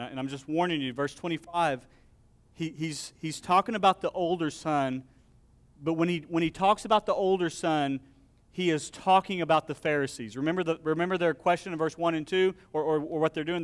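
A man preaching a sermon, reading scripture with acted-out dialogue and dropping to a soft, low voice to close his points. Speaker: pastor.

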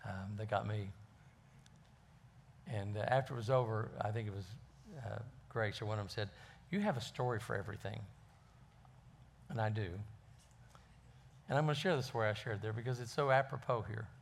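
A man's voice: lowish voice, fairly quick, gravelly, pauses often, slight background noise. Folksy preacher man. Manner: folksy, storytelling, with fillers. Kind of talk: sermon with storytelling.

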